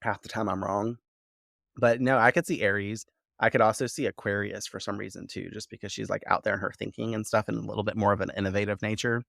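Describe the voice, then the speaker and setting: A man's voice: fairly low pitch, fairly even intonation, quick pace, gravelly, fairly bright tone, no echo, studio quality. A man co-hosting a podcast, giving a loose, rambling recap full of "like" and casual swearing, laughing often. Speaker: podcast co-host recapping episodes.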